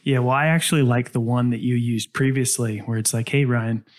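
Brief: male host, mid-pitched, easygoing interviewer voice. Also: fairly quick. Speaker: podcast host.

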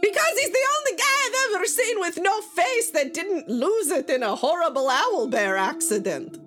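A woman voicing a talking haunted sword with a put-on fantasy accent, speaking in an indignant, fussy, deliberate way. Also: very high-pitched, very animated, music in the background, pitched above the performer's own voice.

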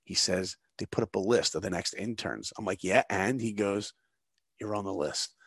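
A man's voice: fairly low pitch, normal speed, gravelly, husky, dry recording, clean studio sound. A middle-aged man from New York, a guest in an interview, telling a story and acting out the voices in it. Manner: animated storyteller, acts out dialogue.

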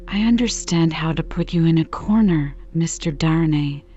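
Woman doing a bullying blowhard lawyer guy, scornful, low dark voice, muffled recording. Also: normal speed, soft background music. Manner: loud, scornful and overbearing. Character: blustering bullying male lawyer. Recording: dull lo-fi recording.

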